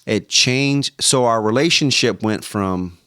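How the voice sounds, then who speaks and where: A man, a former football player appearing as a podcast guest, telling stories in a relaxed conversation. He acts out both sides of his phone calls and keeps saying "like" and starting over. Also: mid-range voice, takes it slowly, clear, resonant tone, no room sound, clean studio sound. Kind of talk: animated storytelling in conversation.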